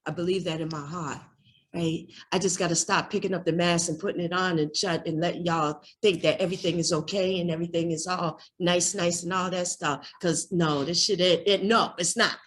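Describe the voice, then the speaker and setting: A woman's voice: on the low side, steady tone, fairly quick. A woman giving an emotional personal share at a recovery workshop, raw and candid, cursing freely and repeating herself.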